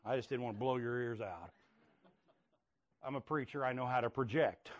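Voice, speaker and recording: A middle-aged man preaching, telling a story in an animated way with sudden shouts and frequent restarts. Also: mid-range voice, normal speed, highs cut off, background noise. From Indiana. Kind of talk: sermon storytelling.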